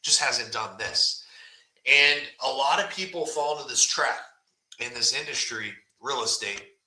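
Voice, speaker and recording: A straight-talking man hosts a live podcast session in a loose coaching manner. His voice is very bright and forceful. It rings around a roomy, echoey space. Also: mid-range voice. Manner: blunt, fast, animated, says "right?" often. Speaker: podcast host. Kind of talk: casual live-stream coaching talk. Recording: echoey room.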